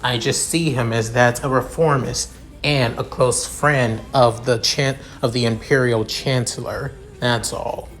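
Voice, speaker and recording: A man voicing a haughty young male noble heir who speaks in a cool, measured, condescending way. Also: mid-range voice, fairly even intonation, fairly bright tone, faint music behind, close to an everyday voice.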